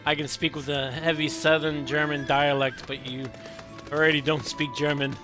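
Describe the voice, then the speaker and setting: A man's voice: a little high, little pitch movement, normal speed. A man streaming a game and chatting with his viewers in a joking, self-deprecating way. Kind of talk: casual live-stream chat while playing. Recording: game music playing clearly behind.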